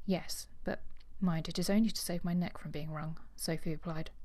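Woman, lowish voice, lively reader, acts out dialogue, casual book chat. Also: moderate pace. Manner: expressive reader, acts out dialogue, laughs easily. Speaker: podcast co-host. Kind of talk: reading a novel aloud, then casual chat.

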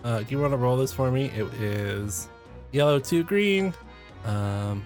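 A man in a casual tabletop game session, his pitch swinging freely as he talks. He sounds laid-back and laughs often. Soft music plays faintly behind him. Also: expressive, measured pace. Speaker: player. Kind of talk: playing a tabletop role-playing game.

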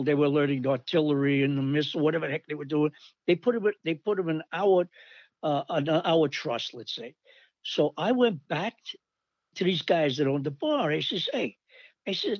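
A man's voice: on the high side, no room sound, lo-fi sound. An older man telling rambling army stories in casual talk, acting out the voices of people he quotes. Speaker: storyteller recalling army days. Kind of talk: casual anecdote.

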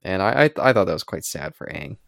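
A man's voice: sits low, expressive, fast talker, vocal fry, a bit bright, dry recording, studio quality. A man co-hosting a podcast, casually retelling comic scenes and acting out the characters' lines. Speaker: podcast co-host. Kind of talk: casual chat.

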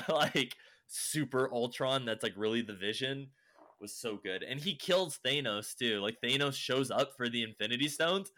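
A man's voice: mid-range voice, bright, forceful tone. A young man casually recapping a show, rambling with lots of fillers and swearing. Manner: rambling, heavy use of "like" and swearing.

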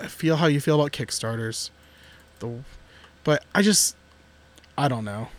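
A man co-hosting a podcast in casual chat, joking and excitable, talking in restless bursts. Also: medium pitch, a little slow. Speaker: podcast co-host.

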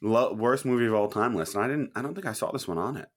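A young man in his twenties co-hosting a casual podcast, animated and playful, quick to laugh. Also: medium pitch. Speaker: podcast co-host. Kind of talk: casual chat.

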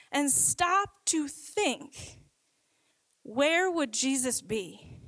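A woman preaching a sermon, earnest and emphatic, slowing down to stress her points. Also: high-pitched, a bit bright, no room sound, low-quality recording.

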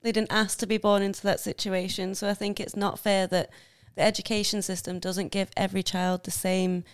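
A woman's voice: medium pitch, flat delivery, a little fast, clear, resonant tone. A woman, a university student who volunteers in schools, talks earnestly in casual chat with many hesitations.

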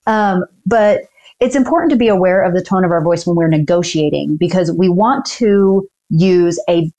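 A woman, a dental attorney, explaining negotiation tactics in an earnest, measured way as an interview guest. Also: lowish voice, mellow. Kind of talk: casual interview talk.

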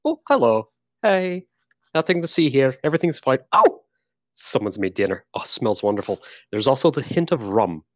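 A man's voice: medium pitch, sing-song, moderate pace, dry recording, studio quality, lightly acted. A man voicing a sneaky, cheerful male rogue in a tabletop game who breezily covers up trouble. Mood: breezy, innocent.

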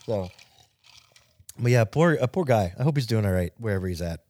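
A man's voice: fairly low pitch, lively intonation, a little fast, mellow. A man co-hosting a podcast, telling rambling stories in casual chat and swearing now and then. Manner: rambling storyteller, swears, slips into silly voices. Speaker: podcast co-host.

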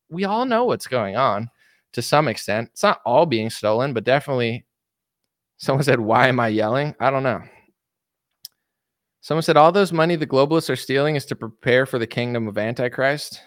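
Rambling man with a smooth, dry voice. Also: medium pitch, fairly bright tone, no echo. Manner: rambling, filler-heavy, frequent restarts. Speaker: livestream commentator reading chat. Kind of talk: casual political rant.

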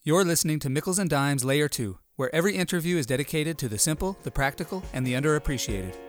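A male podcast host who reads a polished introduction and then asks measured interview questions. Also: fairly high pitch, soft background music.

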